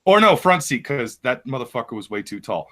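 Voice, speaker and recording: A man's voice: medium pitch, big pitch swings, a little fast, a bit bright. A man hosting a stream, telling crude stories in casual chat and laughing often. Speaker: stream host.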